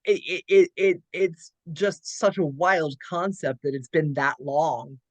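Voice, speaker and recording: A woman's voice: sits low, slow pace, dry recording. Earnest woman host, dry close sound. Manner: supportive, earnest, stammers on repeats. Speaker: host, also a cancer survivor. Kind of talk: casual interview chat.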